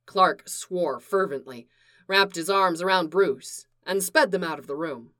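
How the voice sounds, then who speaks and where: A woman reading fan fiction aloud in a slow, deliberate narration. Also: lowish voice, expressive, fairly bright tone. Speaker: reader.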